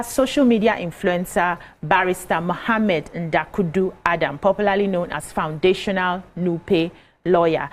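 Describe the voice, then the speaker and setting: A woman presenting a live TV talk show, speaking in a clear, measured, welcoming way. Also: medium pitch, darkish tone.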